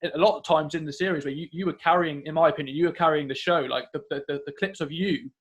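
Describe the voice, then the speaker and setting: A podcast host conducts a casual interview, enthusiastic and heaping compliments on his guest. His voice is on the high side and he talks quickly.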